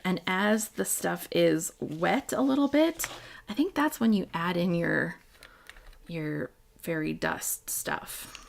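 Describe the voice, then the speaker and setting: A woman's voice: on the low side, vocal fry, slight background noise. A woman hosting a scrapbooking livestream. She chats casually and thinks aloud as she demonstrates a craft, and she talks to her viewers by name. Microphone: desk microphone.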